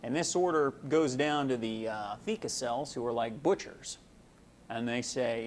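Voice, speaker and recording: A man's voice: mid-range voice, a little slow, slight background noise. A man giving a casual medical lecture, folksy and full of fillers, explaining with homely analogies.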